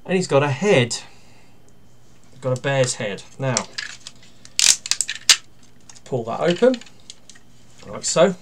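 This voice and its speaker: A man giving a casual toy review. He talks through each step while handling the toy, pausing and using fillers, and grumbles dryly about its flaws. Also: mid-range voice. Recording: steady background noise with plastic clicks.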